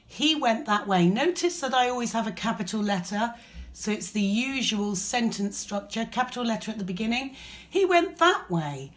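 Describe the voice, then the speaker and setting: A woman's voice: on the high side, normal speed. A woman teacher with an English accent, explaining a lesson patiently step by step. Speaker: primary school teacher.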